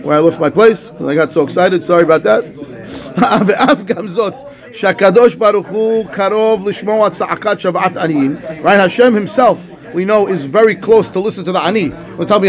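A man teaching a Torah class as a rabbi, animated, acting out dialogue and reading Hebrew texts. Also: high-pitched, moderate pace.

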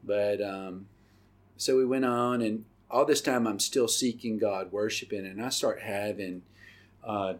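A middle-aged man hosting a podcast and telling his personal testimony, earnest and halting, with many pauses and fillers. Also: fairly low pitch, fairly even intonation. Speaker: podcast host.

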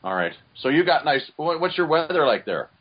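Rambling man with a lively voice on a dull line. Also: on the high side. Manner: rambling, halting, full of restarts. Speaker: guest voice actor. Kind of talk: casual interview chat.

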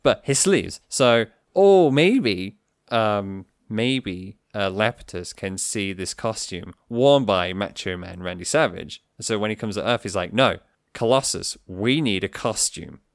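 A man co-hosting a podcast, bantering casually, animated and swearing freely. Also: fairly low pitch, unhurried, no echo, studio quality. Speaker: podcast co-host.

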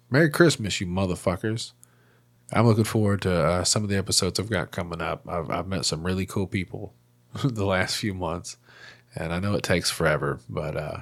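Low-voiced man, profane podcast host. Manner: profane and joking. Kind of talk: casual monologue.

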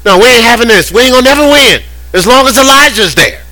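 A preacher doing blustering alarmed soldiers. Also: male voice, very high voice, big pitch swings, quick pace, bright, forceful tone, no room sound, soft background music, voice pushed up, full character voice, poor audio. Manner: blustering, slangy.

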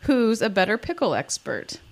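A woman's voice: mid-range voice, sing-song, moderate pace. A woman from the American South co-hosting a podcast, chatting in a giggly, jokey way. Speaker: podcast co-host. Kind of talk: casual chat.

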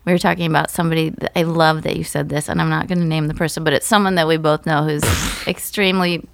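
A young woman co-host telling stories in a lively, laughing way on a casual podcast. The sound is dry and close, with no room around her. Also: low-pitched, fast, vocal fry, no echo. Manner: animated storyteller, laughs a lot. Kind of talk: casual chat.

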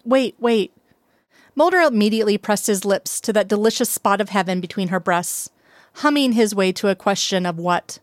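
A woman's voice: mid-range voice, animated, a little fast, dry recording. Woman narrating a story, dry close sound. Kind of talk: reading fan fiction aloud.

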